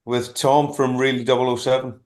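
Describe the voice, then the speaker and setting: A man's voice: medium pitch, level tone, a little fast. A man joining an online quiz, talking in a rambling, apologetic way. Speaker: quiz contestant. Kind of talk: casual chat over video call.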